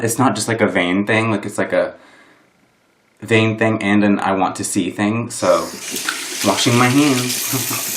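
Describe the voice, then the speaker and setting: A man's voice: fairly low pitch, a bit bright. Self-mocking young man, roomy echo. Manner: self-deprecating, rambling, full of "like". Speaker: vlogger. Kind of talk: casual makeup tutorial chat. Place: room at home. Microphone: camera propped on a box. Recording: roomy echo of a home room.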